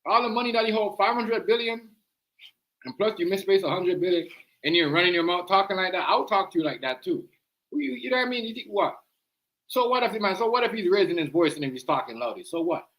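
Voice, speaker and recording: On a livestream, a Jamaican-accented man riffs through casual reactions in a voice that's high for a man, bright and forceful, expressive and fast. He talks in slang, presses his points hard, and keeps checking in with "you know what I mean".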